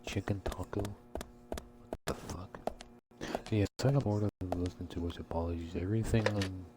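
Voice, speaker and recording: A man's voice: deep voice, fairly even intonation, moderate pace, very noisy. A man giving casual let's-play commentary, rambling and crude, swearing a lot. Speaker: gameplay commentator. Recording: game music behind voice.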